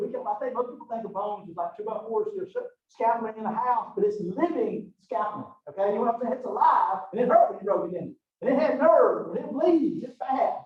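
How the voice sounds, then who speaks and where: Fast folksy man lecturing. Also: high-pitched. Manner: folksy, joking, talks to students with y'all and okay. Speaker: college biology instructor. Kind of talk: recorded classroom lecture. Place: classroom. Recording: echoey classroom, distant, phone-like audio.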